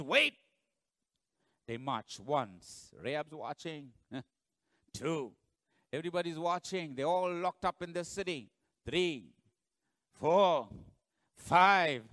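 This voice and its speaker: A man preaching a sermon as pastor, telling the story dramatically and swinging between loud bursts and low, hushed lines. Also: dry recording.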